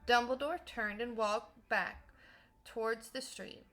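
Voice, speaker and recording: A woman teacher reading a novel aloud for students, slowly and carefully, with small slips now and then. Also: a little high, fairly bright tone, faint music behind.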